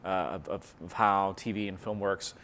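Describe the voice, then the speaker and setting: A man from California, chatting as an interview guest, lively, laughing often, with many restarts and fillers. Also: sits low, normal speed, gravelly, slight background noise. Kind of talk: casual interview chat.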